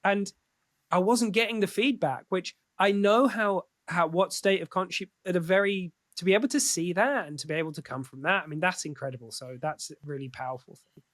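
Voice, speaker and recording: A man's voice: high voice, a little fast, fairly bright tone, dry recording. A man speaking as a podcast guest in candid, casual conversation, swearing freely and often restarting his sentences.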